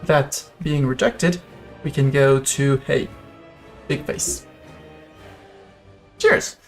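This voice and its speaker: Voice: medium pitch, extremely slow, soft background music. A game streamer with a French accent, a native French speaker from France, giving chatty, rambling live commentary while playing.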